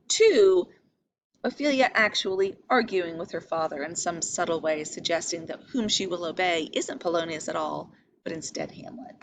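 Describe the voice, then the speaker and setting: Woman lecturing with lively pitch. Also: creaky, a little hiss or hum, poor audio. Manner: explanatory, questioning, stresses key words. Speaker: literature teacher. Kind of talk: lecture on a play.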